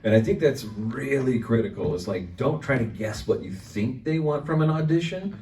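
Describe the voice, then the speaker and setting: A man's voice: mid-range voice, lively intonation, moderate pace, darkish tone. A man voice actor on a convention panel, giving earnest, encouraging advice to fans. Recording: echoey room, voice far from mic.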